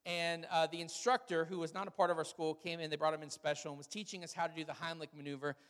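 A pastor with a fairly high voice talks fast through a sermon, telling humorous stories with lively animation. A long reverb makes his words ring out as if in a large hall.

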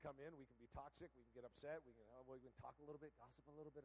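A man's voice: mid-range voice, rapid-fire, a little hiss or hum. A man preaching a sermon as pastor, telling stories animatedly and acting out the quotes. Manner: animated storytelling with acted-out quotes. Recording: muffled sound with long hall reverb.

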